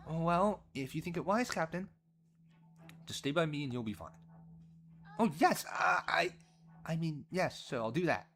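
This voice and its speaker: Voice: medium pitch, animated, moderate pace, pauses often, a bit bright. A performer voicing a shy, flustered young woman knight who stammers. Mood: timid. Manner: stammering, nervous.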